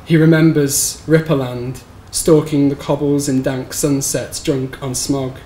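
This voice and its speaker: A man reading his own short story aloud at a live bookshop event, in a measured, somber storytelling manner. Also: medium pitch, flat delivery, dark tone. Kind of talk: live reading of literary fiction. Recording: roomy live recording with faint background noise.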